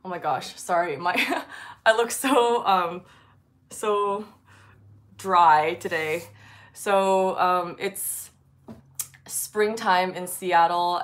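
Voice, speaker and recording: A woman's voice: fairly low pitch, takes it slowly. Congested woman chatting on a phone livestream. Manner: chatty with frequent fillers and giggles. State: congested from allergies. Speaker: artist livestream host. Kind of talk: casual livestream chat. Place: home art studio.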